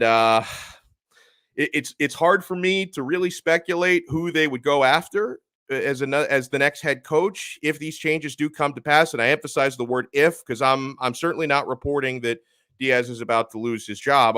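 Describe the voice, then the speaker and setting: Animated bright-voiced male sports host. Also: mid-range voice, moderate pace, no echo. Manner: animated, emphatic, reads chat comments. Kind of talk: live-streamed sports talk.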